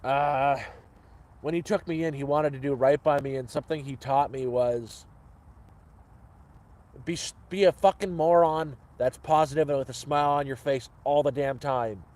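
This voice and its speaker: A man's voice: fairly high pitch, steady tone, normal speed, a little mellow. A man hosting a live cooking stream from his camp, rambling cheerfully to viewers and swearing freely.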